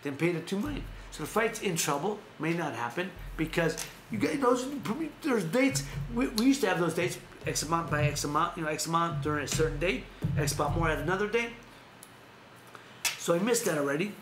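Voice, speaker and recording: A man's voice: a little high, lively intonation, a little fast. An American man hosting a casual boxing news chat, rambling along, repeating names and restarting his phrases. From United States. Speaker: host. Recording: echoey room with faint ambient noise.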